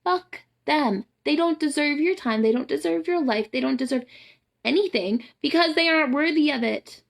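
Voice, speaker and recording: A woman's voice: sits high, a little fast, vocal fry. A young adult woman with a Southern US accent, a photographer giving a blunt, profane, ranting pep talk on a casual live stream. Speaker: boudoir photographer and empowerment coach.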